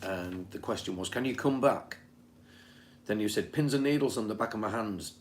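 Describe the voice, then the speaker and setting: A man's voice: fairly low pitch, normal speed. A man from Britain in casual chat, reading back notes from a session in a conversational way. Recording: faint background noise.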